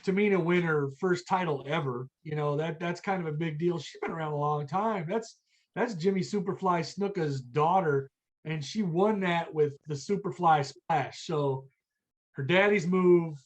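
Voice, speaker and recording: Easygoing man with a higher voice. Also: normal speed. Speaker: podcast co-host. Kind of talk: casual chat.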